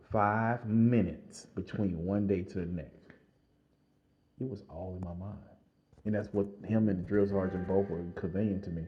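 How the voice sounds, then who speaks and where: Deep-voiced man telling an animated story. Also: lo-fi sound. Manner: animated, laughs often, lots of fillers. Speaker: vlogger telling a personal story. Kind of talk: casual storytelling.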